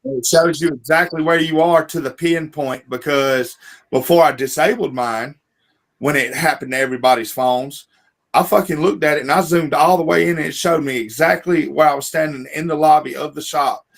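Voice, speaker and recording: A man in casual chat, explaining things with animated emphasis. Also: on the high side, moderate pace, vocal fry.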